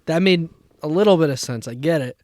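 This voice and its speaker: A young man co-hosting a podcast tells a story in casual conversation, acting out the people involved. He's an animated storyteller who voices their quotes and swears casually, speaking fairly quickly in a higher-pitched voice.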